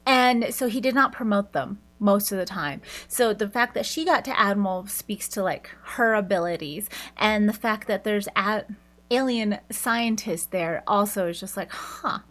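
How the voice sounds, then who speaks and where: A woman's voice: medium pitch, normal speed, fairly bright tone. Chatty woman retelling a book's plot. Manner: chatty, many fillers and self-corrections, laughs often. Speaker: book reviewer. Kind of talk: casual book review retelling the plot.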